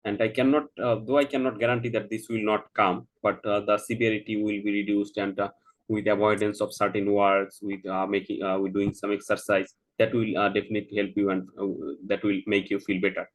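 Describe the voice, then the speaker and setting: A man playing a doctor in a mock consultation, explaining slowly and haltingly with many filler sounds, and checking that the patient understands. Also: lowish voice, flat delivery, low-quality recording. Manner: checks understanding with "Do you get me?".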